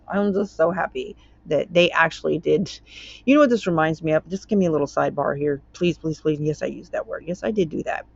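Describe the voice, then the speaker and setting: Lowish-voiced woman rambling through a court doc, stumbles on words, goes off on tangents, dry slightly muffled audio. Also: dry recording. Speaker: channel host commenting on a court case. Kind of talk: casual commentary reading a document aloud.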